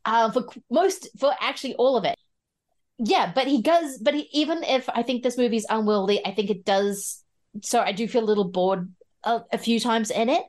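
A woman's voice: fairly high pitch, normal speed, darkish tone. A woman hosts a casual podcast chat from a video call. She talks freely and often breaks into laughter. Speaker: podcast host.

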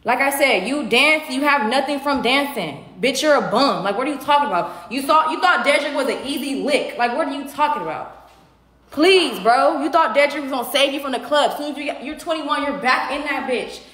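A woman's voice: high-pitched, a little fast, a bit bright, echoey room. A young woman arguing on a livestream, scornful and dismissive, repeating her retorts. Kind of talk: heated livestream argument.

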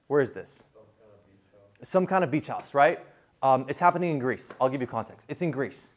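A man lecturing a class in a casual, animated way, full of fillers and quick restarts. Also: medium pitch.

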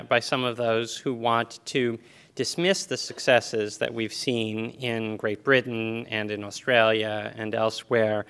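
A man moderating a conference, introducing the next speaker in a deliberate way with frequent pauses. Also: mid-range voice, pushed and bright, clear, resonant tone. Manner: deliberate, halting with fillers.

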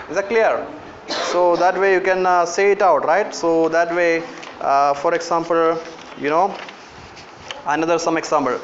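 A man with an Indian English accent lectures a classroom in a high voice, drawing students in with frequent fillers and questions. The sound is lo-fi and roomy, with a faint hiss behind it. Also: measured pace, pauses often. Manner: coaxing, calls on students, many fillers. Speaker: university lecturer teaching Japanese. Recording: echoey lo-fi classroom recording.

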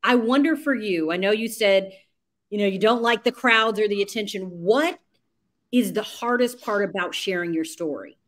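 A woman's voice: medium pitch, moderate pace, fairly bright tone. A woman interviewing a guest, asking questions in an encouraging way and murmuring agreement while he talks.

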